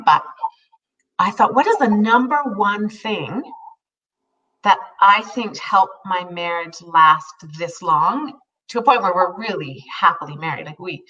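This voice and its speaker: A woman's voice: fairly low pitch, recorded from a distance, lo-fi sound. A woman in her fifties chatting casually as co-host, telling stories with lots of laughter and acted-out quotes. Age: 50s. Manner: animated storyteller, laughs often, acts out quotes. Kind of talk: casual chat.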